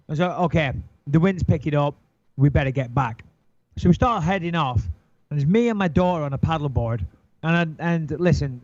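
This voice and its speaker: High-voiced man telling a wild story. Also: no room sound. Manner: swearing, lively, acts out his own panic. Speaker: guest storyteller. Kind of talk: animated anecdote, casual chat. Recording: dull lo-fi sound, dry.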